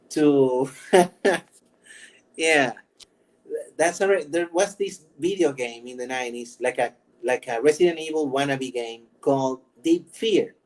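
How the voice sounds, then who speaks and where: A man's voice: on the high side, darkish tone, low-quality recording. A man hosting his own channel, chatting casually, rambling, laughing often and joking about himself. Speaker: vlog host. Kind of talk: casual chat.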